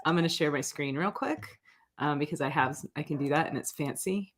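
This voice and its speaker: A woman's voice: low voice, normal speed, husky. A woman hosting a casual livestream chat from home over a video call, chatty and giggly, with lots of fillers. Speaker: livestream host.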